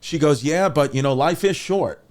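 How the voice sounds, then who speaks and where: Brief: man about forty, comic guest, pitch sits a touch high, animated storyteller who acts out quoted voices. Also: moderate pace, a little hiss or hum. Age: around 40. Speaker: comedian guest. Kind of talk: casual podcast storytelling. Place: podcast studio.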